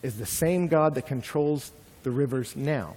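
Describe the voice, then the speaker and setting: A man's voice: medium pitch, unhurried. Man preaching in a reverberant hall. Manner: animated preaching, acting out quoted complaints. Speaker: pastor. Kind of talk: sermon.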